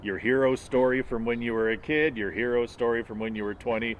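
A man's voice: medium pitch, fairly even intonation, a little fast, highs cut off, slight background noise. A man co-hosting a podcast in casual chat, blunt and profane, acting out quotes in other voices. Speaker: podcast co-host.

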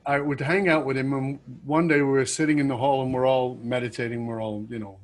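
A man casually telling a story, animated, acting out the people he quotes and laughing at himself. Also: medium pitch, fairly quick.

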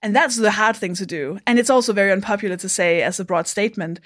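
A woman's voice: medium pitch, fast, fairly bright tone. A woman from Denmark, a comedian guest on a podcast, talking frankly and reflectively and swearing casually. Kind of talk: candid podcast conversation.

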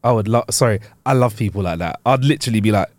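A man's voice: lowish voice, fast talker, no echo. A man co-hosting a casual podcast, chiming in with agreement and slang. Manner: supportive, frequent yeahs and laughs, slangy. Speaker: podcast co-host. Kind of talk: casual chat.

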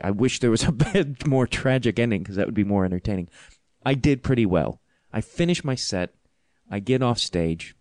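A male podcast host tells a comic story with animated, self-deprecating energy and frequent laughter. His voice sits on the low side. The sound is dry and close. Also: no echo.

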